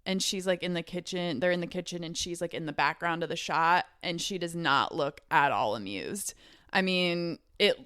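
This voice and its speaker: Lowish smooth-voiced woman chatting on a podcast, dry close sound. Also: moderate pace, fairly bright tone, dry recording. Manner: chatty, lots of "like" fillers. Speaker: podcast co-host. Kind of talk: casual chat.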